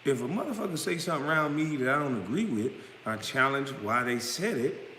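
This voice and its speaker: A man in his thirties ranting bluntly to camera, swinging from low mutters to loud outbursts. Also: animated, fairly quick, a little hiss or hum. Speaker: vlogger. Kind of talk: profane rant to camera. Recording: echoey room with long reverb.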